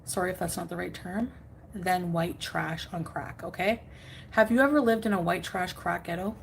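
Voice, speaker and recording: A woman's voice: fairly low pitch, normal speed, creaky, a little hiss or hum, low-quality recording. Ranting woman livestreamer, crude and angry. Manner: angry, crude and insulting, cuts off her own swearing.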